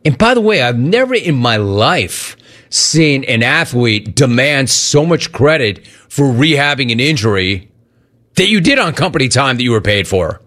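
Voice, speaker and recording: A man's voice: mid-range voice, big pitch swings, normal speed, a bit bright. A man hosting sports talk radio, ranting in a sarcastic, mocking way.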